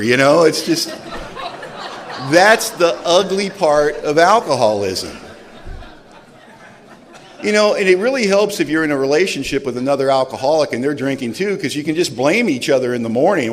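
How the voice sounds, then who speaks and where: A man's voice: fairly high pitch, lively intonation, moderate pace. A man in his forties telling his own recovery story to an audience, with a self-deprecating, humorous way of talking. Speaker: recovery meeting speaker. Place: large event hall. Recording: long reverb of a large hall.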